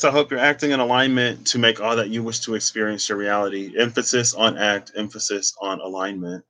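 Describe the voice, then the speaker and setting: A man's voice: on the low side, fairly even intonation, a little fast, few pauses, bright, forceful tone. A man giving a casual, reflective talk on spirituality and tarot, meandering with many fillers as he thinks aloud. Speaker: tarot reader.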